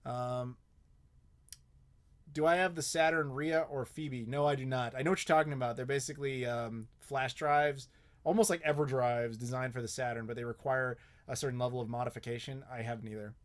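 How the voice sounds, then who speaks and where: A man's voice: mid-range voice, steady tone, moderate pace. A young man hosting a live Q&A, chatting casually and bluntly, swearing often and joking with viewers. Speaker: host.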